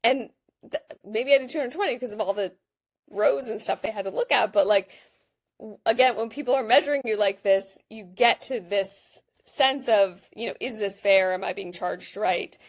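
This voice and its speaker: A woman in her thirties giving a chatty, animated product walkthrough while she clicks through an app, with lots of "like" fillers. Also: on the high side, normal speed. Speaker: behavioral design researcher. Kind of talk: screen-share product walkthrough.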